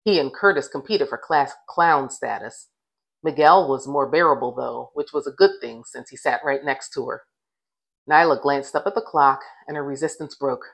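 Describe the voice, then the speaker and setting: A woman, the author, reading a middle-grade novel aloud with gentle, expressive storybook narration. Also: low voice, moderate pace, low-quality recording.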